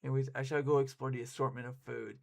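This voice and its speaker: A man streaming and chatting casually with his viewers, excitable and quick to laugh and swear. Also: mid-range voice, vocal fry. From United States.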